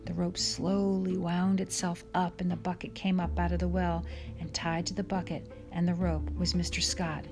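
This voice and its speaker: Woman narrating an audiobook, low voice. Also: level tone, normal speed, music in the background. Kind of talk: audiobook reading.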